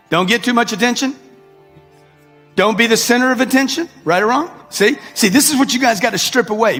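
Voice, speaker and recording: Before a live audience in a big hall, a 60-something motivational speaker preaches brashly, throwing slang at the crowd and calling out to them. His very high voice is bright and forceful, and the recording echoes with music underneath.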